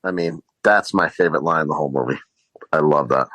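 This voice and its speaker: A man's voice: a bass voice, fast, fairly bright tone, dry recording, poor audio. A man co-hosting a podcast, retelling movie scenes casually with many fillers. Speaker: podcast co-host.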